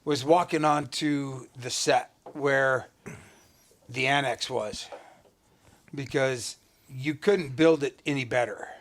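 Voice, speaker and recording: A man's voice: mid-range voice, takes it slowly, long pauses. A man guest talking in a rambling, casual way full of fillers and light profanity during an interview. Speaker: podcast guest.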